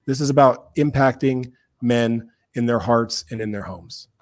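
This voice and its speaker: A man's voice: medium pitch, unhurried. Earnest preacherly man on a podcast. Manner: earnest, preacherly, repeats phrases for emphasis. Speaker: podcast guest, men's work founder. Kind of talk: impassioned conversational talk. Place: podcast recording, remote or studio.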